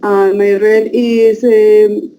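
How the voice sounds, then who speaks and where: A woman in her fifties, a native Spanish speaker learning English, answering slowly and haltingly in class with many fillers. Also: medium pitch, level tone, dark tone, slight background noise. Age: 50s. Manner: slow, hesitant, many fillers and broken grammar. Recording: muffled online call audio.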